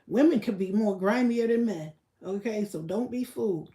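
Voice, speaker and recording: A woman's voice: mid-range voice, moderate pace, mellow, echoey room. A woman hosting a casual livestream rant in a blunt, profane way, talking straight to her chat viewers. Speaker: livestream host.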